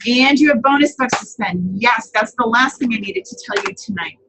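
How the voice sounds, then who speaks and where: A woman's voice: a little high, moderate pace, noisy background. A woman hosting a live papercrafting chat, talking casually, answering viewers by name and often correcting herself as she goes.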